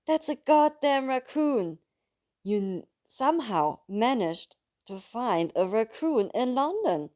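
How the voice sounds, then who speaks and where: A woman's voice: on the high side, sing-song, slow, warm tone, voice pushed up. A German woman reading an exasperated, swearing narrator. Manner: swearing, incredulous. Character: exasperated blunt young narrator.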